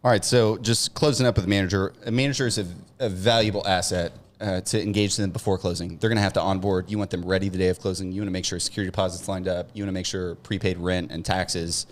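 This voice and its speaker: A man co-hosting a casual podcast chat about real estate, talking in quick, emphatic bursts with joking asides. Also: low-pitched, fairly even intonation, slight background noise. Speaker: co-host.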